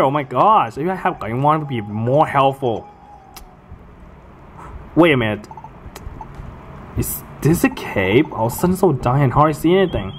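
A man's voice: medium pitch, slight background noise. A man giving casual commentary while he plays a video game, often exasperated, swearing and exclaiming at the game. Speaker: let's play gamer.

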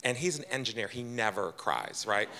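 Bright-voiced man telling a funny story. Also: fairly low pitch, animated, normal speed. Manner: chatty, self-deprecating, quotes people in his own voice. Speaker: storyteller at a live event. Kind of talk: personal story told to a live audience. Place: event room with audience.

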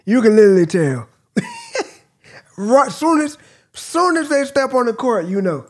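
Slow-talking high-voiced young man. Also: sing-song, slight background noise. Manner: laid-back, amused, talks slowly with drawn-out remarks. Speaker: reaction channel host. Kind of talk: casual reaction commentary.

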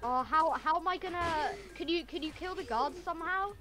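A woman's voice: very high voice, a little fast. A woman chatting casually while co-playing a video game, giggly and given to panicked squeals. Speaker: gamer co-playing a prison game. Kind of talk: casual gaming chat.

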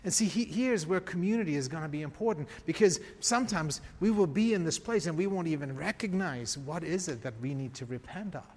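A man preaching a sermon as pastor, emphatic, swinging from quiet to raised. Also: a little high, expressive, fairly quick, few pauses, in a large hall. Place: church.

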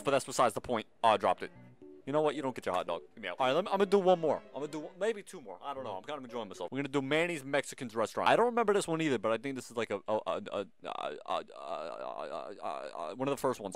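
A man's voice: mid-range voice, sing-song, quick pace, fairly bright tone, faint music behind. A man hosting a gaming channel, giving casual gameplay commentary and playfully bantering with the game's customers.

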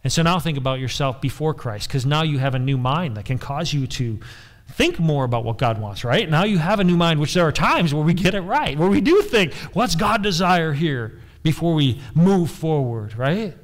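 A man's voice: fairly high pitch, animated, normal speed. A man preaching a sermon as pastor, emphatic, repeating key phrases and putting questions to the congregation.

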